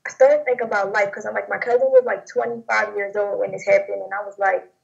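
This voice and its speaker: Young woman telling a halting personal story. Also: medium pitch, flat delivery, creaky. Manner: rambling, halting, many fillers and restarts. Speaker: guest sharing testimony. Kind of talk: personal testimony interview. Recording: dull lo-fi audio.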